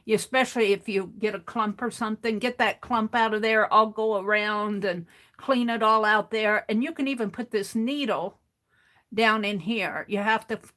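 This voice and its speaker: A fairly bright, mid-range female voice. The speaker hosts a craft livestream and explains, in a loose and wandering way, how to clean a paint bottle, often starting her sentences again as she handles things.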